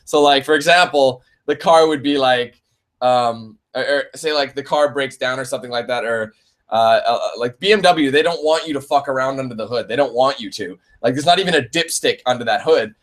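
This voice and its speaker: A man's voice: mid-range voice, a little fast. A young man hosting a casual live Q&A for his gaming channel, rambling, laughing and swearing freely. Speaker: let's play channel host.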